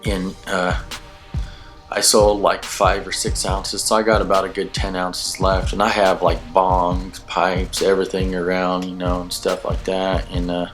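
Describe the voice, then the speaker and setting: A man with a fairly low voice recounts his life story in a loose, conversational way. He drifts from point to point and leans on casual fillers. Clear music plays underneath his voice. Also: monotone, unhurried. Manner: rambling, laid-back, many "you know" fillers. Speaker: channel host sharing his testimony. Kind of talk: casual personal testimony storytelling. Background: background music.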